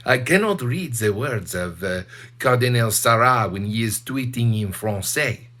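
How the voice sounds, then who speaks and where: A man's voice: medium pitch, lively intonation, a little slow, a bit bright. A man doing an outrageous fake French accent. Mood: hammy. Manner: hammy, theatrical.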